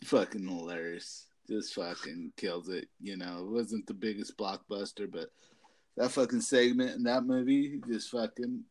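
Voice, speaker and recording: A man co-hosting a podcast in casual chat, swearing constantly and giggling through animated stories. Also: on the low side, normal speed. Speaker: podcast co-host.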